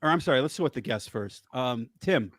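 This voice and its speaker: A man's voice: medium pitch, lively intonation, fairly quick, a bit bright, no room sound, clean studio sound. A man hosting a casual podcast chat, sarcastic and teasing. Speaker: host.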